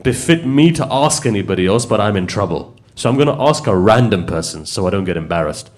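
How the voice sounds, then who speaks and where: A man preaching acts out a proud, bankrupt male merchant who pleads loudly in a high, strained voice. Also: expressive, a little fast, close to an everyday voice. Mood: pleading. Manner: pleading, rising high and loud.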